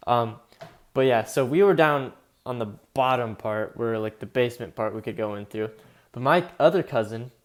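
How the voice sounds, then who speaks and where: A man's voice: mid-range voice, smooth. A young man telling a long personal story in a casual vlog, rambling with lots of fillers and swearing. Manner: rambling, heavy on fillers and profanity. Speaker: vlogger.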